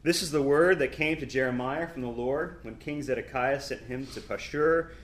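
A middle-aged man teaching a Bible lesson, reading scripture aloud with emphatic, animated delivery and quick asides. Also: medium pitch, a little hiss or hum.

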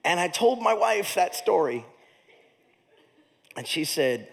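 A male pastor preaching a storytelling sermon, animated and comic, with big swings in volume. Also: high-pitched, slow pace, creaky, long pauses, breathy edge, long reverb tail.

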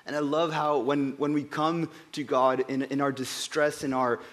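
A man giving an informal Bible devotional, earnest and conversational, often repeating words as he goes and dropping quiet at emotional points. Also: medium pitch, flat delivery, normal speed.

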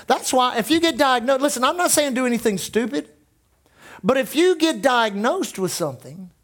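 High-voiced preaching man in his sixties. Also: fairly bright tone. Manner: emphatic preaching with repeated declarations. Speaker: pastor. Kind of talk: sermon.

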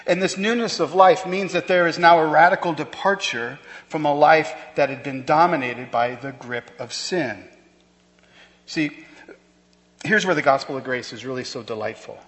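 A man's voice: a little high, moderate pace, a bit bright. A pastor preaching a sermon to his church, emphatic and conversational, with rhetorical questions. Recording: long hall reverb.

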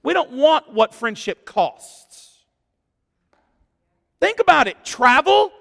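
High, gravelly preacher in an echoing hall. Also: male voice, takes it slowly. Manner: animated, exclamatory, acts out quotes. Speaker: pastor. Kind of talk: sermon. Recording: long church-hall reverb.

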